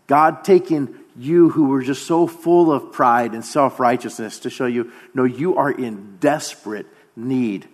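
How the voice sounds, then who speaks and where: A man in his thirties preaching a sermon as pastor, earnest, often slowing down and dropping to a quiet voice for emphasis. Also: mid-range voice, slightly rough. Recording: long hall reverb.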